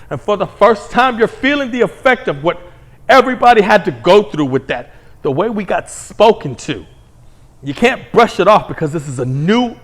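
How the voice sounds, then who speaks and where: Guy ranting to the camera, pitch jumps all over the place, swears a lot and mocks people. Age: adult parent. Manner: animated, mocking, profane, acts out quoted voices. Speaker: commentary channel host. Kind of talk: opinion rant to camera.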